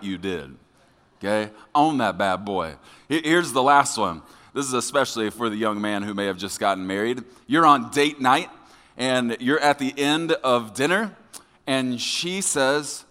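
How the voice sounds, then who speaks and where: A man preaching a sermon as pastor to his congregation, joking with them in a lively, conversational way. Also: medium pitch, unhurried. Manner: lively, joking with the congregation, acting out quoted voices. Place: church sanctuary. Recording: long hall reverb.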